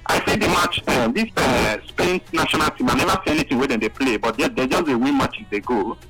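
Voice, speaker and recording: A man's voice: medium pitch, brisk, faint music behind, low-quality recording. A man with a Nigerian accent calling in to a radio show, arguing insistently about football. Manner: animated, insistent. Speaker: caller. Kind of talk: casual phone-in football talk.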